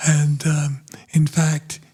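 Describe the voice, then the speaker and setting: A man from Texas, a pastor co-hosting a podcast, talking casually and haltingly with frequent ums. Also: a little high, monotone, mellow, slightly rough. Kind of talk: casual conversation.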